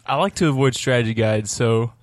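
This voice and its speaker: A man's voice: medium pitch, a little fast, noisy background. Mild-mannered man reading listener mail. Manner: mild-mannered, avoids swearing. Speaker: podcast co-host. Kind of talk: casual chat, reading listener mail aloud.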